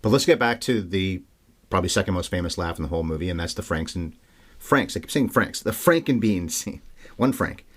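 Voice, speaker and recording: Fast-talking low-voiced man. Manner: chatty, animated, quick. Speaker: podcast co-host. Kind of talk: casual film-review chat.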